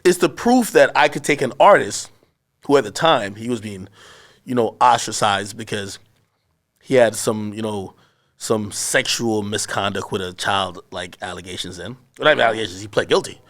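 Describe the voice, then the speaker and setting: A man's voice: lowish voice, normal speed, fairly bright tone. A man being interviewed, telling a rambling anecdote in casual, profanity-laced speech. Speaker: interview guest, media personality.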